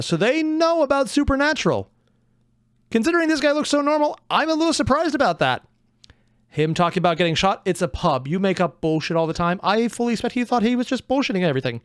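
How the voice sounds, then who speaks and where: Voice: medium pitch, very animated, quick pace, no echo, studio quality. A host giving casual reaction commentary to an audio drama, chatty and often poking fun at themselves. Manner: chatty and self-mocking, with frequent likes and asides.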